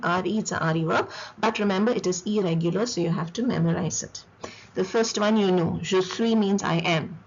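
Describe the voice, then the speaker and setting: A woman teaching a French lesson, patient and repeating each word slowly for practice. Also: medium pitch, slightly rough. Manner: patient, repeats words for drill. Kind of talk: slow recorded lesson. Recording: dull lo-fi recording.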